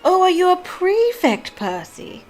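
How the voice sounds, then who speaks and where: A woman's voice: medium pitch, animated, moderate pace, lightly acted. A woman voicing teasing teenage twin boys with a mock-surprised manner. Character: cheeky teenage boy twins, teasing.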